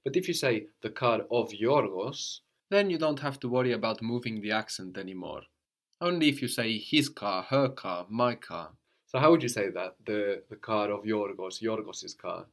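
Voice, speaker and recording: Low-voiced male language teacher. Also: expressive, moderate pace, fairly bright tone. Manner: patient, explains and prompts the student. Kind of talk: guided language lesson.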